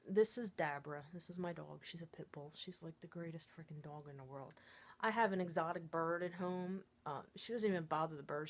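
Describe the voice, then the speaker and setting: A woman's voice: lowish voice, fairly bright tone. A woman, an intuitive reader and Reiki practitioner, chatting through a step-by-step lesson in her studio and checking in with frequent "okay?"s. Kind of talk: casual step-by-step teaching to camera. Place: her own studio shop.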